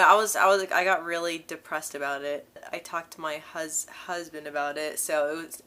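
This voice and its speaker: A woman's voice: deep voice, bright, forceful tone. Young woman with a stutter. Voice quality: stutters with repeated syllables and blocks. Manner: candid, laughs between phrases. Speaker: vlogger. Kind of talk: casual storytelling to camera.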